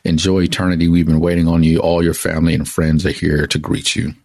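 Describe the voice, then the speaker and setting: A man's voice: low-pitched, level tone, a little mellow, no echo, studio quality. A man voicing Saint Peter as a friendly, busy gatekeeper of heaven in a joke within a sermon. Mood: welcoming. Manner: friendly, hurried.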